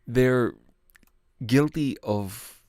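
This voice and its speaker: A man's voice: mid-range voice, extremely slow, darkish tone, dry recording, clean studio sound. A man hosting his own casual political commentary, blunt and rambling, swearing and restarting his sentences.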